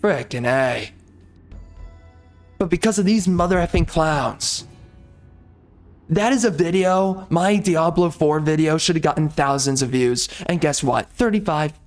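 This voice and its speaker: A man's voice: a little high, measured pace, long pauses, faint music behind. A man ranting angrily and repeating himself while commenting over gameplay in a video. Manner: angry, repetitive, exasperated ranting. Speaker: gaming video creator.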